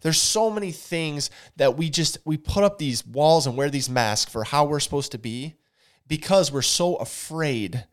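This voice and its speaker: A man's voice: a little high, animated, unhurried. Earnest man on a podcast. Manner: earnest, emphatic, repeats words for stress. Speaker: podcast co-host. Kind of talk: casual podcast talk.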